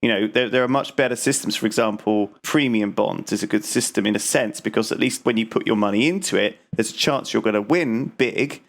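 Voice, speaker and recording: A man's voice: lowish voice, brisk, vocal fry, few pauses. A young man co-hosting a podcast, opinionated and rambling in casual chat. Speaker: podcast co-host.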